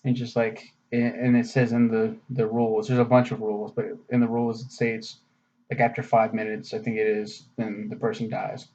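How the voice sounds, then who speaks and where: A man's voice: mid-range voice, completely flat delivery, normal speed, warm tone. A man giving a casual, rambling anime review, profane and sarcastic in a loose, offhand way. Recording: slightly muffled lo-fi audio.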